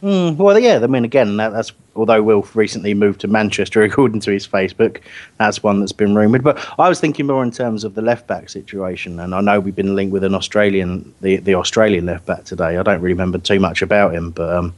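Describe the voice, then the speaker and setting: A man's voice: lowish voice, fast talker. A man hosting a casual football chat, rambling and laughing often. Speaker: podcast host.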